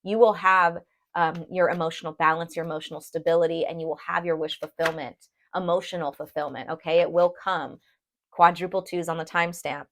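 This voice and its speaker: A woman's voice: on the low side, fairly quick. Chatty woman doing a tarot reading. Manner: chatty and animated, addresses viewers as "you guys", frequent "okay?". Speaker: tarot reader. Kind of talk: casual tarot reading to camera.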